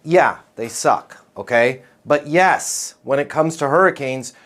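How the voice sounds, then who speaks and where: A man coaching a group of salespeople in a live training session, talking in a folksy, animated way. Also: mid-range voice, unhurried. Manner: acts out quotes in different voices.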